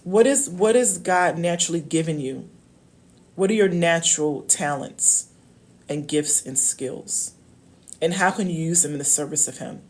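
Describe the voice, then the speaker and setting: A woman speaking on a live stream as a love coach, her voice pitched a little low. She talks casually and with emphasis, and calls her viewers y'all. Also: normal speed.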